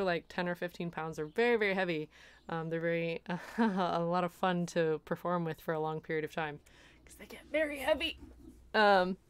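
This woman's fairly low, clean voice carries a casual livestream chat from her room. A streamer and voice actor, she laughs a lot and thanks viewers, sounding tired at the end of her day.

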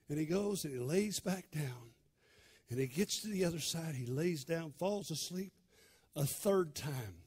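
Husky preacher. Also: male voice, on the high side, expressive, unhurried. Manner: storytelling, dramatic, swings loud to hushed. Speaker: pastor. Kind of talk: sermon.

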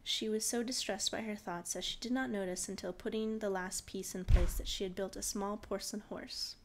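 A woman reading a short fairy tale aloud in a relaxed, informal way, laughing off her slips. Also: medium pitch, normal speed, slight background noise. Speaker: storyteller.

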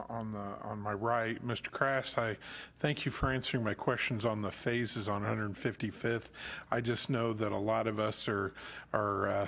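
A man's voice: on the low side, a bit bright. A middle-aged man speaking as a council member at a city meeting, folksy and joking as he addresses staff.

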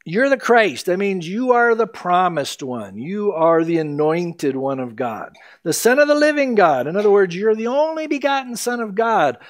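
A man's voice: high-pitched, sing-song, normal speed. A middle-aged male pastor giving a conversational, earnest sermon, teaching verse by verse. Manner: earnest, conversational teaching with emphatic quoted lines.

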